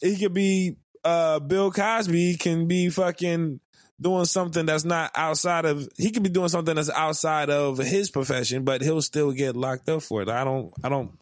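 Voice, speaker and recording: A man co-hosting a podcast, swearing often, laughing a lot and rushing his words in casual chat. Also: on the high side, steady tone, no echo, studio quality. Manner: profane, laughs a lot, fast bursts. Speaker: podcast co-host.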